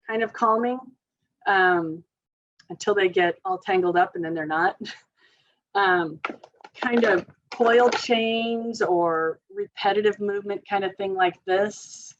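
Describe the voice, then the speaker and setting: Female occupational therapist, informal and chatty, mid-range voice, muffled recording. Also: mid-range voice. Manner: chatty, informal, many fillers, laughs often. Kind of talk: parent training presentation.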